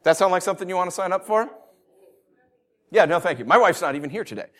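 A man's voice: high voice, animated, fast. A man in his thirties preaching a sermon in a conversational way, with self-mocking asides and emphatic rises. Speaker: pastor.

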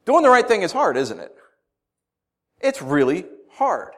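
A middle-aged man preaching a sermon in an animated, conversational way. His voice sits a little higher than most men's, and he moves between scripture reading and off-the-cuff asides. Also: measured pace. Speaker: pastor.

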